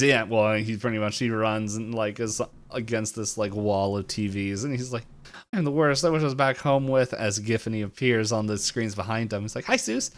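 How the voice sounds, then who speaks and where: A man co-hosting a podcast, retelling a cartoon episode in a casual, animated way and jumping into the characters' lines with laughter. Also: fairly low pitch. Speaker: podcast co-host.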